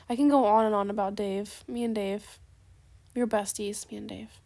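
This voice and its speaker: A woman giving chatty, sarcastic commentary over a trading game, gushing with gasps and dropping into soft asides. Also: medium pitch, fairly even intonation, moderate pace, vocal fry. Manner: chatty, calls viewers "besties". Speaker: gaming video creator. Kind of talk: casual gameplay commentary.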